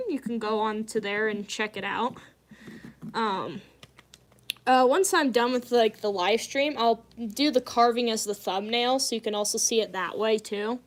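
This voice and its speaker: A young woman chatting casually on a live stream at home, giggling often and rambling from one thought to the next. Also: a little high. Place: at home indoors.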